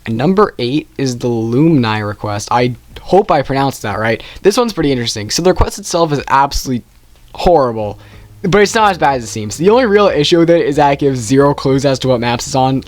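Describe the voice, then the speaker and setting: A man's voice: mid-range voice, expressive, fairly quick, dry recording. Rambling young man ranking game quests. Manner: rambling, self-correcting, with frequent "like". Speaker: gaming youtuber. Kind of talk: casual game ranking commentary.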